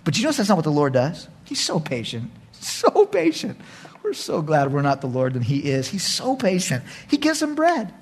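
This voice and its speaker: A male pastor preaching a lively sermon to his congregation, acting out voices and laughing often. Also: on the high side, fairly quick, few pauses, slightly rough.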